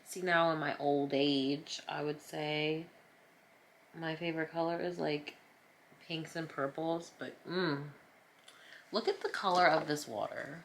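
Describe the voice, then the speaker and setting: Woman, 30s, from New Jersey, low voice, casual painting vlog, rambling, self-mocking, dramatic, camera mic. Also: fairly even intonation, unhurried, slight background noise. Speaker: vlogger. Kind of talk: casual chat while painting.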